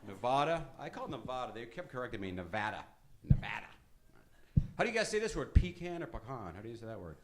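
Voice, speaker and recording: A man doing a rambling, deadpan stand-up comedy set on a club stage. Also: racing, hardly any pauses. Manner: deadpan, rambling, lively swings in pitch. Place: comedy club stage with live audience laughter. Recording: live club recording with audible crowd noise.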